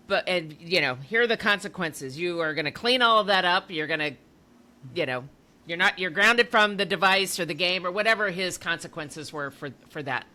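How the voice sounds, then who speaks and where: A woman in casual podcast conversation, telling an animated anecdote and quoting what others said. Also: on the low side, moderate pace. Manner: animated storyteller, quotes others' words. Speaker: podcast co-talker. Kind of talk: casual chat.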